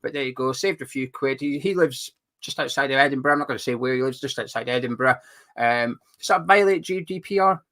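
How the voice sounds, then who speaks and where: A man hosting a casual live stream from home, animated, swearing freely and reading out viewer comments. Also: mid-range voice, a little fast. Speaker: host. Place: home room.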